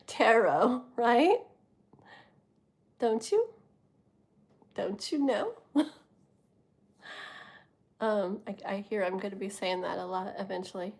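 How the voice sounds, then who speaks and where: A woman's voice: fairly high pitch, lively intonation, unhurried, long pauses. A middle-aged woman hosting a live tarot stream, chatting casually with viewers in a rambling way with many fillers. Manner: chatty, rambling, lots of fillers, laughs often.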